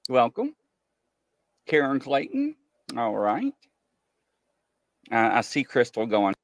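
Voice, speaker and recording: A man's voice: mid-range voice, wildly swooping pitch, takes it slowly, no echo. A man hosting a casual live-stream chat, jokey and chatty as he greets viewers by name. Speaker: host.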